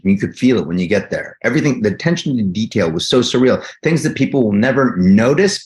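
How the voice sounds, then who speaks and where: A man in his fifties, a guest actor in a casual interview, talking in a rambling, animated way with many restarts. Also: on the low side. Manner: animated storytelling, acts out quotes.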